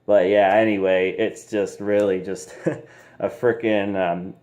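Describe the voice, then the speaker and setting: A man's voice: on the low side, little pitch movement, slow, a little mellow. A man casually reviewing a movie, rambling with frequent giggles and mild slang.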